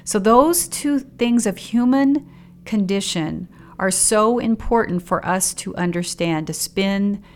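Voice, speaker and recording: A woman's voice: medium pitch, slow. A woman hosting a solo podcast on personal growth from a home studio in a basement spare bedroom, speaking reflectively and asking the listener questions. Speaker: podcast host.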